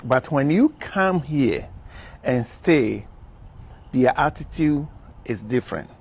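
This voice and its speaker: A man's voice: medium pitch, animated, slow pace, creaky, darkish tone, breathy edge. A man, speaking earnestly in a casual interview.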